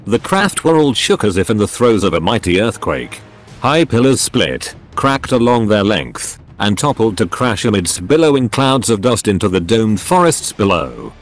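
A synthetic male voice narrating a story in a steady reading manner. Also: on the low side, normal speed.

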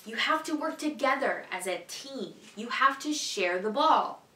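A woman's voice: fairly high pitch, animated, measured pace, bright, forceful tone, distant mic. Woman reading as a cheerful soccer coach. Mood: encouraging. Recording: echoey room, voice a bit off-mic.

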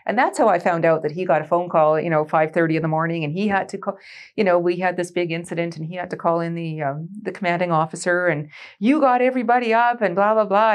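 A woman in her forties from Canada, a former military switchboard operator, telling an oral history story in a lively, anecdotal way and laughing often. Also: lowish voice. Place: board room of a museum.

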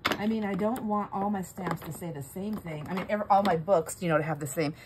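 Chatting casually while she stamps, a middle-aged woman on her crafting vlog rambles through family tales and keeps interrupting herself. Her lowish voice runs a little fast against a noisy background.

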